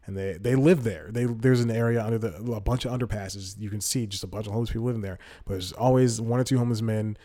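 A man's voice: on the low side, a little mellow. A young man hosting a podcast, telling casual stories on his own, rambling, correcting himself and laughing often mid-sentence. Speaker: podcast host. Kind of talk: casual solo storytelling.

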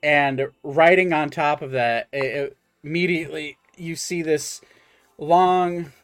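Male game master, slightly high voice, halting delivery full of fillers, faint music behind. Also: steady tone, a bit bright. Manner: halting, full of ums and restarts. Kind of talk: narrating a tabletop game.

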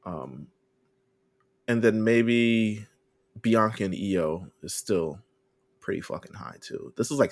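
Low, lively-voiced young man. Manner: laid-back, profane, lively intonation. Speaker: podcast co-host. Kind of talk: casual wrestling chat.

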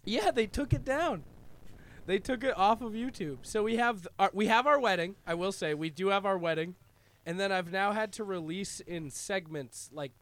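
Hoarse, raspy man on a podcast. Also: sits high, moderate pace, a bit bright. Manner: playful, laughs often. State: hoarse from being sick. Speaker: podcast co-host. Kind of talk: casual podcast banter.

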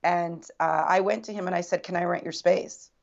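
A woman's voice: on the low side, fairly even intonation, moderate pace, vocal fry, muffled recording. A woman guest recounting a personal story in earnest, reflective casual conversation. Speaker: podcast guest.

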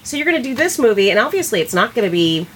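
Profane, animated woman podcast co-host. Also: fairly high pitch, racing, slightly rough. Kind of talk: casual movie review chat.

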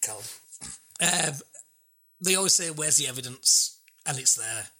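A man's voice: on the high side, lively intonation, a little slow, pushed and bright. A man hosting a podcast interview, chatty and playful, laughing easily. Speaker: podcast host. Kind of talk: casual interview chat.

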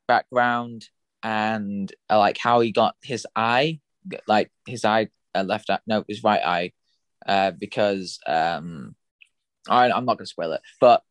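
A young man with a fairly low, smooth voice co-hosts a podcast, chatting casually about comics. He uses lots of fillers and restarts, and the recording is dry.

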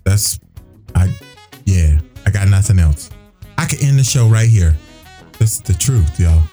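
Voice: deep voice, animated, a little slow, warm tone, faint music behind. A radio host chatting casually on air, emphatic and preachy, repeating phrases for effect.

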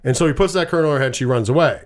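A man's voice: medium pitch, very fast. A man casually recapping a movie plot, cursing freely and rambling as he retells scenes. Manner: profane, rambling storyteller.

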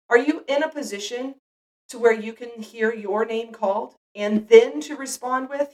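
A woman's voice: a little high, normal speed, mellow, far from the mic, rough recording. A mother giving an earnest, reflective devotional Bible teaching, speaking directly to the listener.

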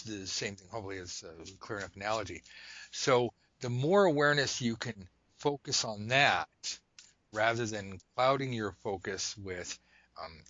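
An adult man casually demonstrating a tarot card method at a table indoors, talking in a rambling, joking way with animated asides. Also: lowish voice, dry recording, lo-fi sound. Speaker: tarot reader teaching a method.

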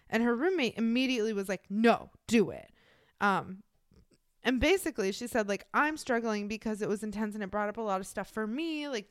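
A young woman retells a true-crime story on her podcast in a loose, chatty way. She swears bluntly and fills her talk with "like". Her voice is clear and smooth, and the recording is close and dry. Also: mid-range voice, fairly bright tone, dry recording. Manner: blunt and profane, many fillers like "like". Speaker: podcast co-host.

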